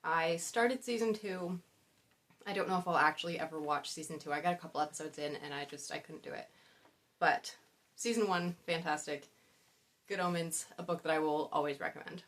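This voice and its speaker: A woman's voice: low-pitched, fairly even intonation, fairly quick, fairly bright tone. A young woman chatting casually about books she loves, rambling into side stories and laughing at herself. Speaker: book vlogger. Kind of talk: casual book-tag chat.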